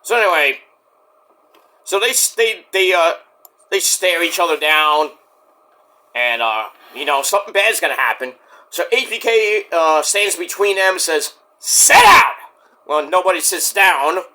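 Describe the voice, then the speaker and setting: A man casually recapping a wrestling show, swearing freely and acting out the wrestlers' lines in loud put-on voices. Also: sits high, animated, measured pace. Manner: profane, acts out quotes in big shouted voices.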